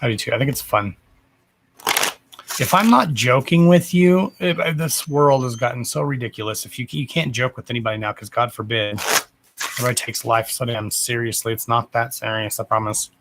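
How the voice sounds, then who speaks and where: A man with a gravelly, creaky voice hosts a live card-reading stream, joking around and swearing casually. He chats warmly with his viewers, calling them darling and love. A clear hiss of background noise runs under the voice, along with the clicks of shuffling cards. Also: mid-range voice, steady tone, fast talker. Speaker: psychic medium doing live card readings.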